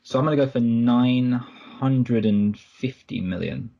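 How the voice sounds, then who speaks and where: Co-hosting a film podcast, a man rambles through stories casually, correcting himself along the way. His mid-range voice is creaky and a little slow, and the audio is dull.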